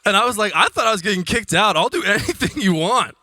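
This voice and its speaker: A young man from Iowa telling a comic story on stage as a comedian, animated and laughing often as he talks. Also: high-pitched, fast talker, no echo. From Iowa, United States. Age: young adult. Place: conference stage.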